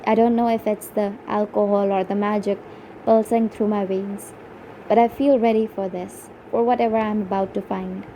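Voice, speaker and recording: A woman reading a first-person audiobook in a hushed, suspenseful storytelling manner. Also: medium pitch, little pitch movement, moderate pace, a little hiss or hum, poor audio. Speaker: audiobook narrator.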